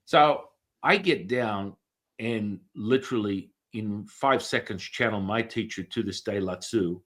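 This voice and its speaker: A man telling a lively story as a podcast guest, talking casually, swearing, repeating words and restarting sentences often. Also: on the low side, normal speed.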